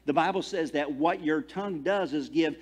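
Middle-aged male pastor, slightly high voice, lively story-driven sermon full of restarts and repeats. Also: normal speed. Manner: animated storytelling, repeats words, many restarts. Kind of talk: conversational sermon.

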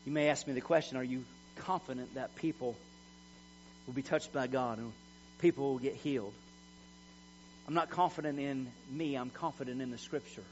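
A man's voice: mid-range voice, normal speed, pauses often. A middle-aged man preaching a sermon in an emphatic, folksy way, repeating words as he tells personal stories. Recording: dull lo-fi recording with mains hum.

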